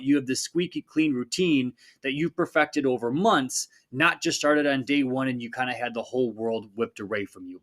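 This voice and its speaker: A man in his thirties talks on his fitness podcast in a loose, energetic way, and he often says phrases twice to drive the point home. His voice sits at an ordinary middle pitch for a man. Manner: energetic, conversational, repeats phrases for emphasis. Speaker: podcast host, fitness coach. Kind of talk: casual motivational talk.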